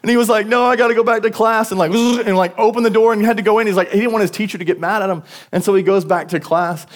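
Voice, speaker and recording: A man, a pastor, preaching a conversational sermon and telling stories that grow louder and higher as he gets emotional. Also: fairly even intonation, fast, hardly any pauses.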